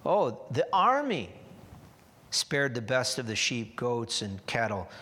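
A man preaching who voices an ancient king pleading weak excuses in a high, whiny voice. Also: sing-song, slow, sharp tone, heavily acted. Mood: wheedling. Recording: long hall reverb.

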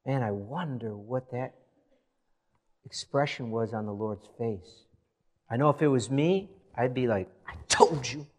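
A male pastor delivers a sermon in a mid-pitched voice. He reads passages of scripture with rising, dramatic emphasis and settles into a plain, earnest tone between them. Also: unhurried, darkish tone.

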